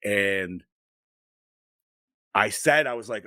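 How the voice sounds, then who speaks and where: Speaking a little fast with lively intonation, a middle-aged man on a podcast he co-hosts tells long, rambling stories peppered with profanity in casual chat. His voice is on the low side, on a dry recording.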